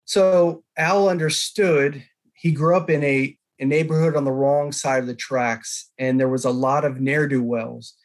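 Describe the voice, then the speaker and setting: A man as a podcast guest, telling a life story in an earnest, animated way. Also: medium pitch, measured pace. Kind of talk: conversational interview.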